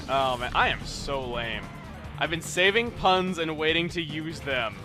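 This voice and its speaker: High, bright-voiced punning game commentator man. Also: animated, unhurried, soft background music. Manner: punning, self-mocking, bursts into shouts. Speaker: let's play commentator. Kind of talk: comedic video game commentary.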